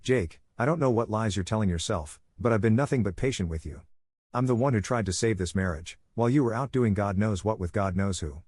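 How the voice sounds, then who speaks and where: A man reading the lines of a weary wife in a scripted story, speaking in a quiet, restrained way. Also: fairly low pitch, a little fast, husky, no room sound. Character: weary wife ending her marriage, grown woman.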